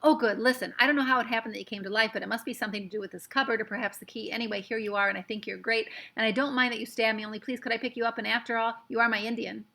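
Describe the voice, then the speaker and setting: A woman voicing an eager young boy who talks quickly and pleads earnestly. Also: fairly high pitch, animated, bright, forceful tone, heavily acted.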